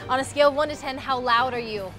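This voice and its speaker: A woman interviewing a player in a playful quick-fire format, upbeat and encouraging. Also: high voice, a bit bright. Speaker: courtside interviewer. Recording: interview with music playing behind.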